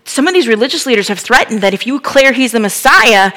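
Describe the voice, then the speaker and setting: A woman preaching a sermon, retelling a Bible story in a lively, conversational way with frequent asides. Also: on the high side, quick pace.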